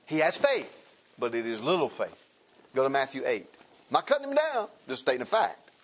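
Husky-voiced preacher man, animated. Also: mid-range voice, normal speed, lo-fi sound. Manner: emphatic, animated preaching that addresses the congregation. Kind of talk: sermon.

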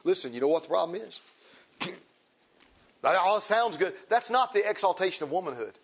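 A man preaching a fiery sermon, emphatic and repetitive, swinging between shouts and hushed tones. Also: high voice, lively intonation, normal speed, gravelly, husky. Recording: dull lo-fi recording.

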